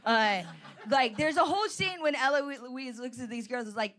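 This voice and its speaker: Woman, guest co-host at a live comedy show, excitable ranting storyteller, slightly high voice. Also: normal speed, a little hiss or hum. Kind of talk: live comedy podcast banter. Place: comedy venue stage before a live audience.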